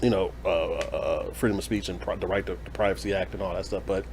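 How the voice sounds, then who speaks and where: Man, casual podcast chat, thoughtful, hesitant fillers, mid pitch, faint room noise. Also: fairly even intonation, fast, darkish tone.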